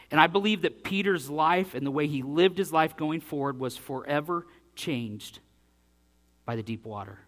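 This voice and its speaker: A male pastor preaching a sermon and reading scripture aloud, acting out the dialogue with big swings in loudness. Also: fairly high pitch, moderate pace.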